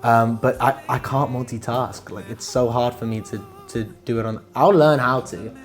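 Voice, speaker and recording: A man, a musician, chatting casually in an interview in a relaxed, rambling way that trails off softly at times. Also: medium pitch, moderate pace, soft background music. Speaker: musician guest.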